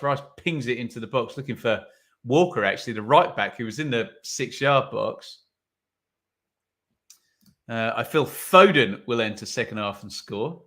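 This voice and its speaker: A man's voice: medium pitch, fairly bright tone. A man hosting a live football watch-along, commenting on play and reading viewer comments with wry asides.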